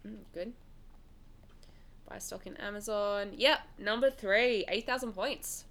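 A woman's voice: mid-range voice, unhurried, a bit bright. A woman co-hosting a podcast, running a guessing game in casual chat and laughing between answers.

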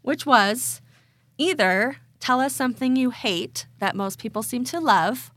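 A woman co-hosting a casual podcast, reading a story aloud with animated delivery and frequent laughter. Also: a little high, a little slow, no room sound. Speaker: podcast co-host.

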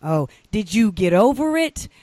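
A woman's voice: medium pitch, very animated, a little slow, mellow, no echo. Woman host, encouraging, short affirmations, dry close sound. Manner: affirming, prompts with short replies. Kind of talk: interview.

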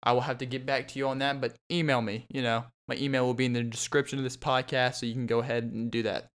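A young man talks alone into his podcast mic, loose and rambling, full of ums and restarts. His voice is smooth and clear, set in a middle pitch. He jokes his way through his segment. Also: little pitch movement, fast talker, a bit bright. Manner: rambling and jokey, with many fillers and restarts. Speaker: podcast host. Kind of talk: solo podcast monologue.

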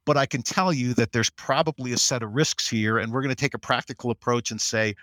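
A middle-aged American man, a general counsel as interview guest, talking in an animated way and acting out quotes. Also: brisk, dry recording, clean studio sound. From United States. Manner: animated storyteller, acts out quotes in higher voice. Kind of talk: conversational interview.

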